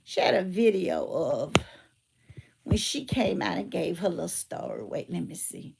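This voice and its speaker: A middle-aged woman, telling stories and giving emphatic, animated commentary. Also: fairly low pitch, a little slow, gravelly, background noise. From Georgia, US. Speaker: motivational speaker and teacher. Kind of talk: casual commentary with storytelling.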